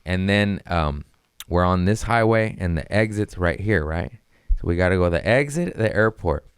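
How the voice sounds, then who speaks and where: A young man, a comedian hosting a podcast, telling a story in a profane, animated casual way. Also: low-pitched, moderate pace, smooth, no echo, clean studio sound.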